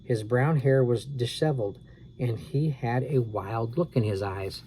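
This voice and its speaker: A man reads a spooky storybook aloud in a steady, unhurried way. His voice is mellow and dark at a middling pitch. A faint hum of noise sits behind him. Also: low-quality recording.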